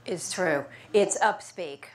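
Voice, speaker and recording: A woman voice coach answering audience questions at a talk, lively and playful as she demonstrates speech patterns. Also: on the low side, slow pace. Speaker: speaker and voice coach. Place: event room with audience. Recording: echoey room, faint noise.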